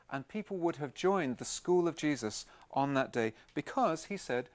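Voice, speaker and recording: A man giving a Christian teaching talk at a camp, speaking plainly and conversationally, gently persuasive. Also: on the high side, lively intonation, normal speed.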